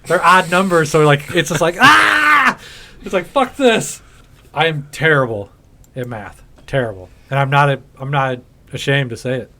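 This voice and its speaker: A man co-hosting a podcast in casual chat, telling stories with plenty of swearing and animated energy. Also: medium pitch, normal speed. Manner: profane, animated storyteller. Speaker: podcast co-host.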